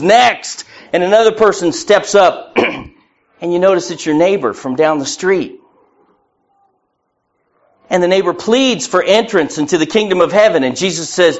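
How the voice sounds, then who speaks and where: Earnest preacher man, lo-fi recording. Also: sits high. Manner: earnest, dramatic preaching with acted-out quotes. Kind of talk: sermon. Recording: muffled lo-fi recording.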